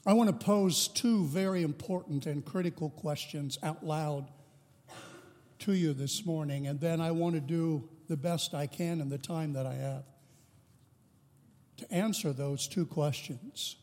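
A man preaching a sermon as pastor, deliberate and measured, with joking asides to the congregation. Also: fairly high pitch, a little mellow, big-room sound. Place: church sanctuary.

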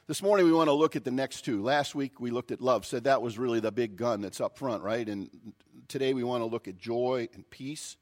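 A male pastor preaching a sermon, opening with a folksy, animated story. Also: medium pitch, brisk.

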